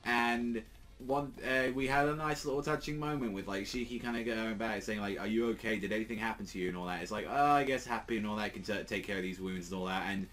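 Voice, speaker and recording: A man's voice: lowish voice, fast, fairly bright tone, soft background music. A man reviewing a manga chapter in a loose, rambling way, full of fillers and swearing, briefly acting out characters' lines as he retells the scenes. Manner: rambling, lots of fillers and swearing, acts out quotes in passing.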